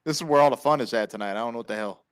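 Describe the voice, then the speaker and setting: A laid-back man chatting on a live stream, who laughs often and swears freely as he tells his stories. His voice sits at a middle pitch. The sound is dry and close, with little room echo. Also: racing, clean tone. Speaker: guest veteran on live stream. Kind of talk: casual storytelling chat.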